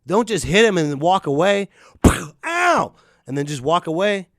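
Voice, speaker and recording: Crude, ranting man with a high voice. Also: brisk, no room sound, studio quality. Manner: crude, animated ranting with mocking put-on voices. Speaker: podcast host. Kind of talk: ranting monologue.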